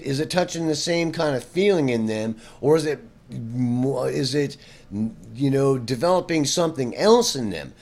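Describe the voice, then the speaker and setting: A man's voice: mid-range voice, a little mellow. A middle-aged man giving a casual guitar lesson, rambling and conversational, peppering his talk with "you know" and "bro". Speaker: guitar teacher.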